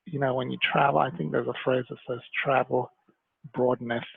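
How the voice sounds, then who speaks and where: Gravelly, husky man on a tinny line. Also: medium pitch, brisk, no echo. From Jamaica. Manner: animated storyteller, slips into mimicked voices. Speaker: guest. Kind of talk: conversational interview storytelling. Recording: tinny phone-like line, dry.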